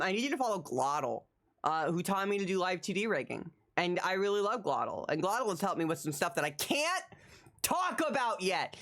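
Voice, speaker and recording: Woman, live streamer, casual rambling chat, lively intonation, repeats herself. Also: fairly low pitch. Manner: excitable, rambling, repeats phrases. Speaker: livestreamer.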